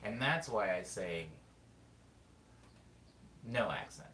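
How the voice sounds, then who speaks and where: A man from California with a Californian accent, chatting casually as a streamer, thinking aloud and reading chat in a rambling, drawn-out way. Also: fairly low pitch, lively intonation, sharp tone. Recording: roomy sound, mic at a distance, faint background noise.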